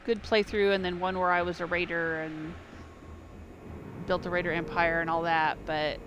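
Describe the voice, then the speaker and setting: A woman's voice: lowish voice, little pitch movement, normal speed, a bit bright, slight background noise. A woman streamer chatting casually and rambling while she plays a game. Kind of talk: casual gameplay chat.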